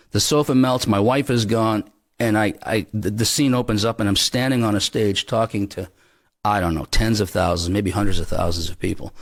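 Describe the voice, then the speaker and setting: Earnest man telling his testimony. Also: medium pitch. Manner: earnest, animated storytelling with restarts. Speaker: guest sharing a testimony. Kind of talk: interview storytelling.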